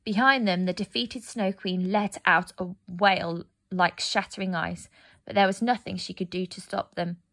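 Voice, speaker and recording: A woman narrating a fairy tale aloud, gentle and expressive. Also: medium pitch, normal speed. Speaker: storyteller. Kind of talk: storybook narration.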